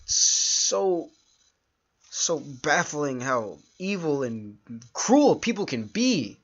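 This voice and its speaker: A man hosting his own podcast, ranting in a frustrated, halting way with sighs and restarts. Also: a little high, big pitch swings, slightly rough, highs cut off. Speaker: podcast host. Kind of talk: solo podcast rant.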